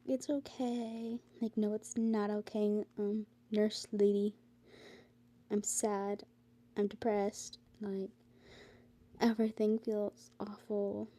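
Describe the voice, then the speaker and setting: A woman's voice: mid-range voice, completely flat delivery, slow, long pauses, mellow. A teenage girl talking to her phone, tired and rambling with lots of fillers, sometimes ranting in exasperation. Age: teens. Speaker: vlogger. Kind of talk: casual talk to camera.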